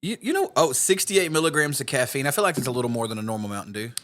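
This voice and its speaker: A man's voice: mid-range voice, animated, very fast, a bit bright. A man co-hosting a podcast in casual chat, taste-testing snacks and talking straight to his listeners. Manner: chatty, addresses listeners directly, runs the segment. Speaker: podcast co-host. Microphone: podcast microphone with noise gate. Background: faint background music.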